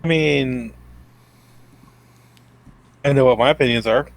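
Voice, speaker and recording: A man's voice: medium pitch, slow pace, vocal fry, no room sound. A man co-hosting a podcast, making brief offhand comments in casual chat.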